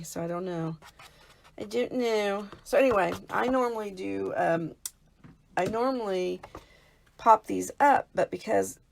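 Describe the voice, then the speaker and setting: A woman's voice: medium pitch, vocal fry, slight background noise. A middle-aged woman hosting a casual live craft demo from home, chatty and talking through each step as she works. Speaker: papercraft host.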